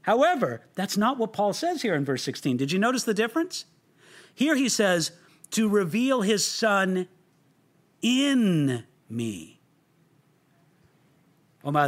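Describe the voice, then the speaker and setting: A man teaching the Bible verse by verse, emphatic, often asking the listener rhetorical questions and tripping over repeated words as he gets excited. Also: sits high.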